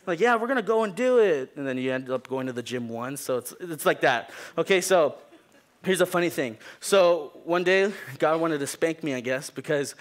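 A young man preaching a sermon, telling a funny story and acting out the people in it. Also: a little high. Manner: animated, jokey, acts out people in the story. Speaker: pastor.

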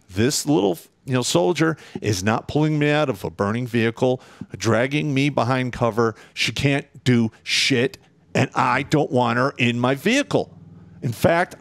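Gravelly, profane veteran man telling stories. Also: medium pitch, no echo. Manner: profane, animated storyteller. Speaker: military veteran guest. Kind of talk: casual war storytelling.

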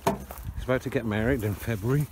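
A man's voice: mid-range voice, a little fast. Breathless older Aussie man filming outdoors. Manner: chatty, rambling commentary while walking. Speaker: vlogger. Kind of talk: casual outdoor vlog. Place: outdoors by the coast. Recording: outdoor camera with wind noise.

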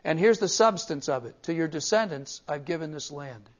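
A man's voice: a little high, animated, normal speed. A male pastor teaching a class, emphatic and repeating key words to drive each point home. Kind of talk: classroom theology lecture. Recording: dull lo-fi cassette tape.

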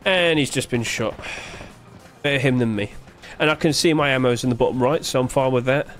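A man's voice: medium pitch, brisk, faint music behind. Puzzled man narrating his gameplay. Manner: thinking aloud, puzzled and joking, many fillers. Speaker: streamer playing a game. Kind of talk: gameplay commentary.

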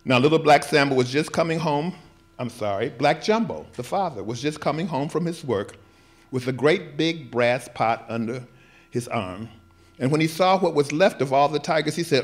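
A man's voice: a little high, expressive, normal speed. Man reading a storybook with wry asides. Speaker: performing artist. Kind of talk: reading a children's story aloud with comic asides. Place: live performance event at an art gallery.

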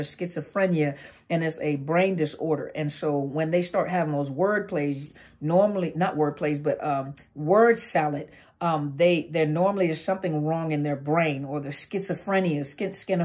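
Woman, husky lower voice, casual explainer, animated counselor talk. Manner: animated, acts out quoted arguments in exaggerated voices. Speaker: counselor and channel host. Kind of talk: casual educational talk to camera.

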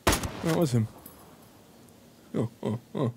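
Excitable man doing gameplay commentary. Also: mid-range voice, measured pace, long pauses, very noisy. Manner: excitable, exclaiming and joking. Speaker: gaming YouTuber.

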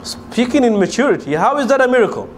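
A man's voice: extremely high pitch, very animated, fast, slight background noise. A man giving a religious lecture to a group, explaining at length and asking his listeners questions, with many fillers and restarts. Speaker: lecturer on a pilgrimage programme. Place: lecture room in a city of pilgrimage.

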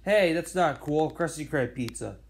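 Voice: mid-range voice, lively intonation, moderate pace, soft background music. A parody video maker giving a silly, rambling improvised voice-over, arguing back and forth with itself.

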